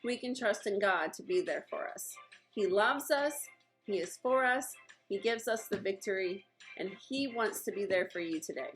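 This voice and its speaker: A young woman tells children a Bible story, lively and casual, slipping into the characters' lines as she goes. Her voice sits at an ordinary middle pitch. Soft music plays faintly in the background. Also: normal speed, poor audio. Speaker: children's ministry teacher. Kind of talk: retelling a Bible story for kids. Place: at home.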